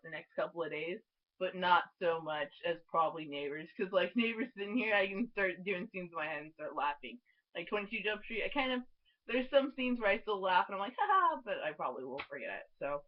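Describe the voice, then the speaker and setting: A young woman reviewing a movie in a casual vlog, bubbly and giggly, full of filler words. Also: medium pitch. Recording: dull lo-fi webcam audio.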